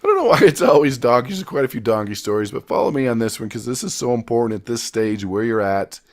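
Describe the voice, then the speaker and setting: A man teaching a motivational business class, energetic and storytelling, with loud emphatic bursts and quiet asides. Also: mid-range voice, quick pace. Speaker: success coach.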